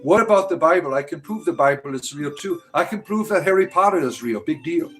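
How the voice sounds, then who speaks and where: A man's voice: fairly high pitch, animated, brisk, a bit bright, faint music behind. Sarcastic man hosting a livestream. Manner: sarcastic, scornful. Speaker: livestream host answering chat. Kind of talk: casual mocking chat.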